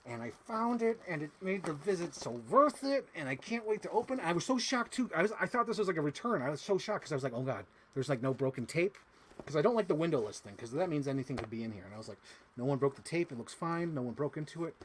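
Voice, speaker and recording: Young man, toy collector vlog, rambling, excitable, swears a lot, faint room noise behind. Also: medium pitch. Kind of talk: casual unboxing chat.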